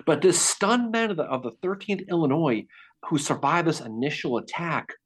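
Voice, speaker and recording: A man hosting a podcast, telling a Civil War battle story in a casual, animated way. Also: a little high, normal speed. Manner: animated, acts out quotes. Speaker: podcast host.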